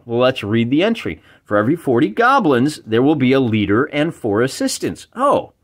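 A man hosts a wargaming video in a mid-range, fairly bright voice. He talks casually and enthusiastically, reading rules aloud in an explanatory way.

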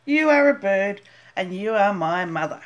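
A woman's voice: mid-range voice, lively intonation, normal speed, dull audio, pitched below the performer's own voice, close to an everyday voice. An older woman reading a storybook and voicing a lost, anxious baby bird chick that pleads and cries out. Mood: relieved.

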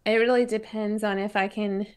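A woman's voice: medium pitch, fairly even intonation, normal speed, smooth. A young woman co-hosting a casual chat, upbeat and laughing easily. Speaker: co-host.

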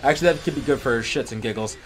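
A man with an average-pitched voice chats easily alongside a game session, wandering into trivia as he talks. Game music hums quietly in the background. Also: racing. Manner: easygoing, chatty, gets sidetracked looking up trivia. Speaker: co-commentator. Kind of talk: casual chat over gameplay.

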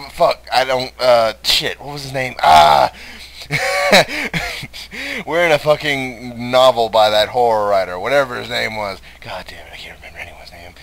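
A young man giving loud, profane let's play commentary with frequent laughing outbursts. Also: mid-range voice, gravelly. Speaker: let's player.

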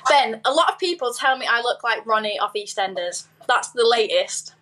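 Brief: giggly young Yorkshire woman, a bit high, phone livestream, faint noise. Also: lively intonation, moderate pace, a bit bright. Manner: chatty, giggly, reads comments aloud. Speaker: livestreamer reading viewer comments. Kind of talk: casual livestream chat.

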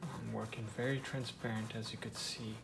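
A man teaching a step-by-step painting tutorial, talking softly and half-whispering as he works. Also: mid-range voice, level tone, normal speed, creaky, echoey room, background noise. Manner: soft, half-whispered guidance while painting. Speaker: painting instructor.

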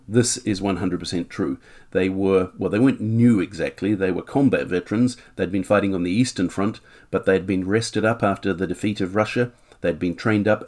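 A man narrating military history in a fairly low voice, moving between source readings and his own commentary. His asides are frank and opinionated but measured. The talk is relaxed, like a storyteller explaining the record.

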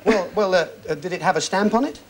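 A man's voice: high-pitched, fast talker, noisy background. A man hosting a television quiz show, reading questions and joking with contestants in a breezy, easygoing patter. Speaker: game show host. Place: television studio with audience.

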